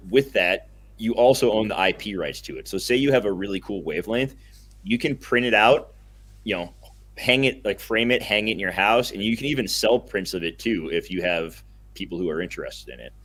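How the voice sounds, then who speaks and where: A young man co-hosting a casual podcast, chatting enthusiastically and rambling a little, quick to laugh. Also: lowish voice, expressive, fairly bright tone, slightly rough. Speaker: podcast co-host.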